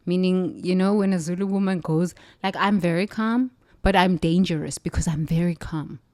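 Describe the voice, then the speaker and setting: A woman's voice: on the low side, fairly even intonation, moderate pace, darkish tone, dry recording. A South African woman giving an intense, emphatic motivational talk, repeating phrases for effect. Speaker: speaker. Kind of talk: forceful motivational monologue.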